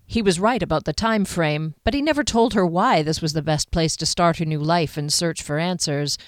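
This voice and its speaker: A woman narrates a fantasy novel in a measured, even manner. Her voice sits fairly low. The recording is dry and close, with no room sound. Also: dry recording. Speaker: audiobook narrator.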